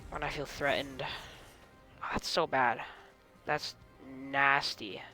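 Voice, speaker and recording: A man giving live gameplay commentary, excitable and talking to himself and his enemies, with mock British slang now and then. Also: mid-range voice, slow pace, faint music behind. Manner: excitable, talks to himself and the enemies mid-fight. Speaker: gaming channel host.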